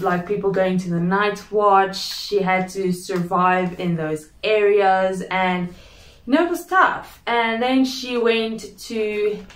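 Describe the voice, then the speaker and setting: A woman hosting a casual chat, talking in a playful, chatty way and often checking in with "okay?". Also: medium pitch. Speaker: host. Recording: echoey room.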